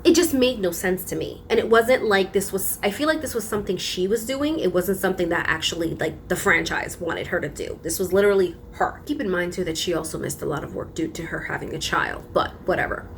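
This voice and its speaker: A young woman vlogger telling a personal story in a casual, animated, emphatic way. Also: fairly low pitch, fairly quick, vocal fry, few pauses, slight background noise. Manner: animated, emphatic retelling with frequent laughs.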